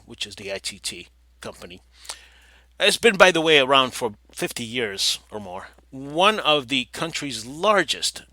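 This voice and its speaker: This talk-show host reads an article aloud, then veers into digressive, sarcastic commentary punctuated by loud mock voices. He speaks at medium pitch, recorded with no room sound.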